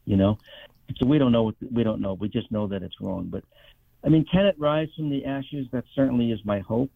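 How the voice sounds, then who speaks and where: Gravelly-voiced man on a tinny phone line. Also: mid-range voice, fairly quick, dry recording. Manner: animated, wry storyteller. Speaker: guest. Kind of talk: casual storytelling. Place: home in New York.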